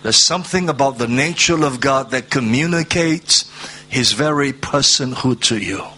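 A man preaching a sermon, reading scripture aloud and stressing words through slow repetition. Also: mid-range voice, sharp tone, husky. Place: church hall, seated at a low table.

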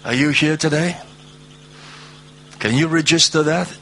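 A man preaching a sermon, reading scripture aloud and stressing words through slow repetition. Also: fairly high pitch, fairly bright tone, a little hiss or hum. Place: church hall, seated at a low table.

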